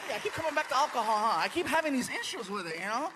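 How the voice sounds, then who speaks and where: A man doing an animated stand-up comedy routine on a large theater stage, telling a story and slipping into voices, with a handheld mic. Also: very high voice, racing, distant mic, very noisy. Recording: live show with loud laughing crowd.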